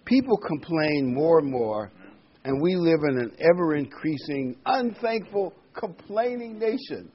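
A man preaching a sermon, emphatic, stressing single words with sudden loud peaks. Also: on the high side, animated, a little slow, breathy edge, muffled recording.

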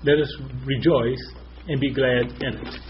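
A man's voice: mid-range voice, steady tone, a little slow. A man preaching, citing scripture references in short phrases. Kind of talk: sermon. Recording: slightly dull with faint noise.

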